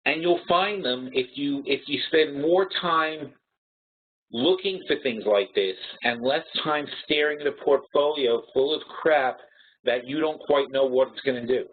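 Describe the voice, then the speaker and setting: A man's voice: medium pitch, measured pace, breathy edge. A man hosting a trading webinar, talking bluntly and working through numbers aloud with frequent restarts. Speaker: webinar host. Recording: tinny phone-like audio.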